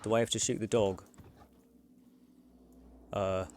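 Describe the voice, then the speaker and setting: A man's voice: fairly low pitch, steady tone, slow pace, darkish tone. A man from the United States streaming a game with casual, rambling commentary and frequent swearing. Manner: chatty, rambling, swears freely.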